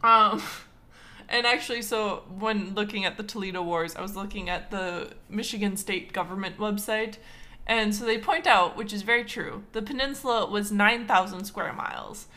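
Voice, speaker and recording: A woman from Wisconsin hosts a casual history podcast, talking in a loose, chatty way full of fillers. Her voice is bright and edged, and she sounds playfully indignant throughout. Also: mid-range voice, normal speed. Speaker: podcast host.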